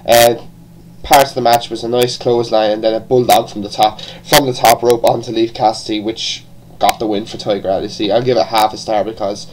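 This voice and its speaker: A man's voice: on the low side, level tone, a little fast, a little hiss or hum, rough recording. A man with an Irish accent giving a casual, rambling review, full of restarts and the odd swear word. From born in England, raised partly in Ireland. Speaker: wrestling show reviewer.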